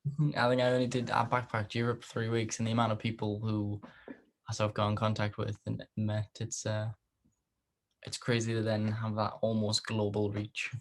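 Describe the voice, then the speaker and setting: A man's voice: fairly low pitch, completely flat delivery, normal speed. A man hosting a casual interview, laid-back and chatty, with a groggy morning voice and frequent ums. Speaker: host.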